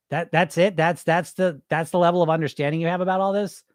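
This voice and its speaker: High-voiced guy ranting bluntly at his listeners, swears a lot, dead dry close sound. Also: fairly even intonation, fast, no echo. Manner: blunt, profane, rhetorical pep-talk; mimics listeners' excuses mid-rant. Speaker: podcast host, weight-loss coach. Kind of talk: solo podcast monologue.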